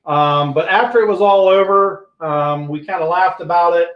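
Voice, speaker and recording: Animated older man telling a police story. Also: high-pitched, normal speed, reverberant, muffled recording. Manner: animated, profane storytelling with acted-out quotes. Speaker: podcast host, retired police sergeant. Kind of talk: casual storytelling.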